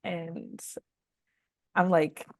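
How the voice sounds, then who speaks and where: A young woman co-hosting a casual podcast chat, soft-spoken and a little self-conscious, drifting into other accents as she talks. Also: lowish voice, flat delivery, extremely slow, no echo, clean studio sound. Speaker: podcast co-host.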